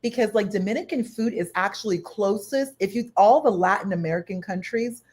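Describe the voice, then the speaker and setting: A woman's voice: mid-range voice, a little fast, darkish tone, slightly rough. A woman co-host in a casual chat, giving cooking tips and explaining each step in turn.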